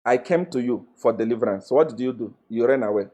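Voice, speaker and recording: A man's voice: mid-range voice, fast talker, dark tone. A young man gives a confrontational live-stream monologue as a self-styled prophet. He mocks and accuses, repeating his phrases and laughing with scorn. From Zambia.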